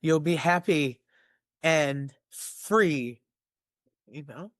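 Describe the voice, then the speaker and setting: A woman in her forties, a guest in a personal conversation, choked up and earnest, speaking haltingly with many restarts and fillers. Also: sits low, no echo, studio quality. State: tearful, choked up. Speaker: interview guest.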